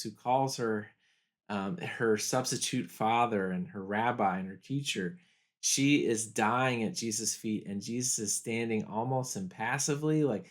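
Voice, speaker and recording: A pastor talking through a TV episode in a video study guide, earnest and reflective, slowing down to weigh key moments. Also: male voice, mid-range voice. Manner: earnest, reflective, slows down for quoted lines.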